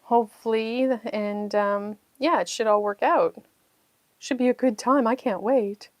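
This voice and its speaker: A woman's voice: fairly high pitch, steady tone, a little slow, no echo. A middle-aged woman from New Brunswick, chatting and telling a story while hosting a puzzle livestream. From New Brunswick, Canada. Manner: chatty storytelling, reading viewer chat aloud. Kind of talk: casual livestream chat.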